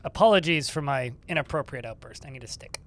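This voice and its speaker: A man's voice: medium pitch, lively intonation, fast talker, fairly bright tone. A young man streaming a game live, chatting casually and sarcastically with his viewers and swearing freely.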